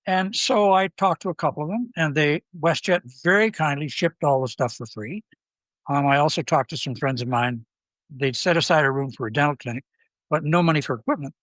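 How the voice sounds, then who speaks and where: Man telling lively stories, dry close sound. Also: on the high side, no room sound, low-quality recording. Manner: lively anecdotes acting out quoted people. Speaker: guest. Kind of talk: storytelling interview.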